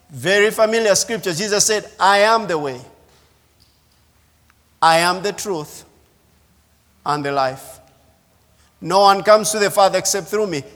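Slow, high-voiced preacher man in a hall. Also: fairly bright tone. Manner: slow, emphatic preaching with repeated phrases. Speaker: pastor. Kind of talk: sermon. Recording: reverberant hall.

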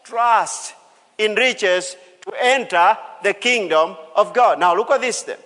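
A man's voice: high-pitched, slow pace, sharp tone, in a large hall. A man preaching a sermon as pastor, emphatic, repeating key phrases and calling out to the congregation. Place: church hall.

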